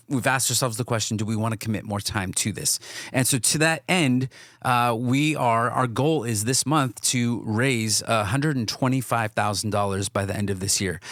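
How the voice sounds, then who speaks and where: A man's voice: mid-range voice, a bit bright, no room sound, clean studio sound. Earnest man hosting a podcast. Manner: earnest, many restarts and fillers. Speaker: podcast co-host. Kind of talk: casual podcast chat.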